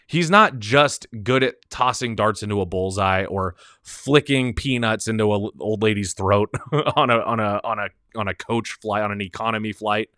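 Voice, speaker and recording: A man hosting a live stream, talking in a casual, animated way. He laughs often and repeats and restarts his words. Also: on the low side, moderate pace, dry recording, clean studio sound.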